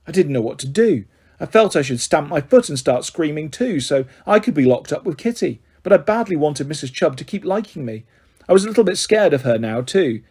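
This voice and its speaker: A man reading a children's novel aloud in steady storybook narration. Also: a little high, brisk, breathy edge.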